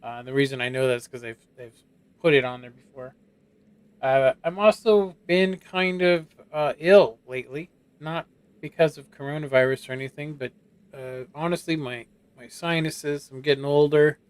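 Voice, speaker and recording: A man in his forties giving casual, rambling gameplay commentary in a monotone voice while streaming. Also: fairly high pitch, moderate pace, clean tone. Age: 40s. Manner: monotone, rambling, self-doubting.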